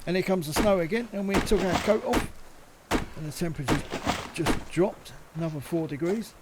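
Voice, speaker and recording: A man's voice: high voice, normal speed, heavy background noise. A man chatting and muttering to himself as he plays a survival game, with mild swearing and asides to viewers. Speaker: gaming channel host.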